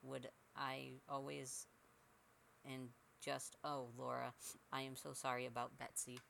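A man's voice: mid-range voice, completely flat delivery, measured pace, vocal fry, pushed and bright, a little hiss or hum, full character voice, poor audio. A man voicing a distraught middle-aged mother who pleads tearfully, in a narrated horror story. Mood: pleading. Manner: pleading, emotional.

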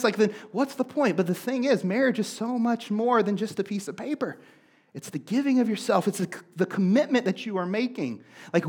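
A young man preaching a casual sermon, animated and chatty, full of asides. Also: high voice. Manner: animated, chatty, fills talk with "like". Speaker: pastor.

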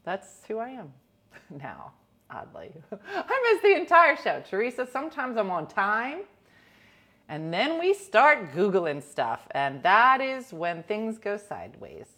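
A woman hosts a loose, jokey chat, reacting to her viewers. Her pitch swings widely, from loud mock-announcer calls down to murmured asides. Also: unhurried. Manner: jokey, animated, mock award-show announcing, trailing into quiet asides. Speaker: host. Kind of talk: casual chat, reading viewer comments.

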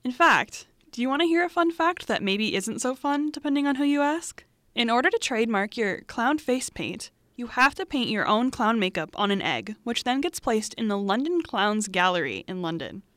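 A woman's voice: on the high side, dry recording. Wry young woman podcast host, dry close sound. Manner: wry, lively delivery with asides to the listener. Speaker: student podcast host and reporter. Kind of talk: scripted podcast narration.

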